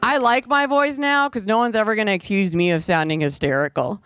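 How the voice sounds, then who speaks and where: A young woman with a low voice performing a stand-up comedy set on a club stage with a handheld mic, dry and self-deprecating. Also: fairly quick, fairly bright tone. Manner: dry, self-deprecating delivery with sudden high-pitched voiced asides.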